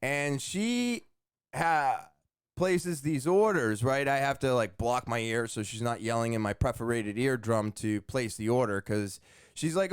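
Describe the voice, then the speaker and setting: A man's voice: mid-range voice, unhurried, clean tone, no echo, clean studio sound. A young man hosting a solo podcast, telling a casual story with jokes and filler words. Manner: rambling, joking, many fillers and asides. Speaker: podcast host.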